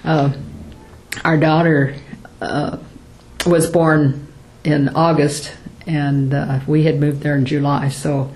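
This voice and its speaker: An older woman giving an oral history interview, speaking haltingly with many fillers and restarts. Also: low-pitched, level tone, darkish tone, slight background noise.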